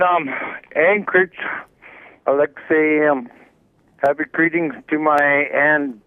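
A man from Alaska calling a radio show to send greetings, slowly listing names with halting fillers. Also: fairly high pitch, no room sound. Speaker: caller. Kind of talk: call-in greetings. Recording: tinny phone line.

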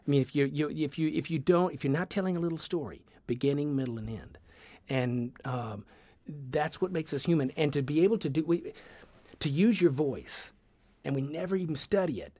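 A man with a softened Southern US accent, an actor talking as a radio guest in a rambling, animated way with many restarts. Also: a little high, brisk, no room sound. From American South. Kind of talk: casual radio conversation.

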